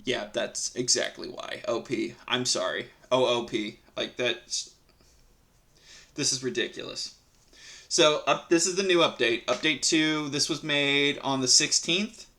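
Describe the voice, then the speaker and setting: Man, reddit story reader, bright sharp tone, swears a lot, rambling and irritated, loose casual delivery. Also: mid-range voice, measured pace. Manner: profane, irritated ranting; rambling with many fillers. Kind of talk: casual story reading with commentary.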